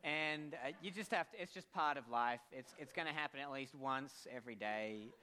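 A man with an accent preaching a heartfelt sermon, pausing with emotion and leading a prayer. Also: medium pitch, sharp tone. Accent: non-American accent. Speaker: pastor.

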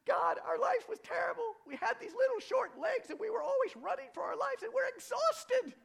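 A man voicing an exhausted little mouse in a joke, high-pitched and shouting frantically. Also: lively intonation, moderate pace, vocal fry, exaggerated voice. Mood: frantic.

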